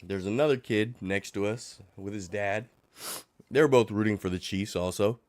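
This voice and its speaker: A middle-aged man, sick and coughing, ranting in a casual livestream chat, sarcastic and animated. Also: lowish voice, moderate pace, dry recording. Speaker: livestream host.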